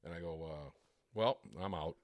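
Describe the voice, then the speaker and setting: Deep-voiced guy on a podcast, crude profane storyteller, dry close mic. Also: normal speed, darkish tone, no room sound. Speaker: podcast co-host. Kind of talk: casual storytelling chat.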